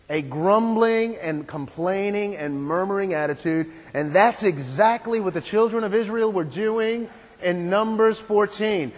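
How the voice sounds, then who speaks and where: A man preaching with a high voice, leaning on repeated phrases and rhetorical questions. His words ring out with a long reverb trailing behind them. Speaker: pastor. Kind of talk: sermon.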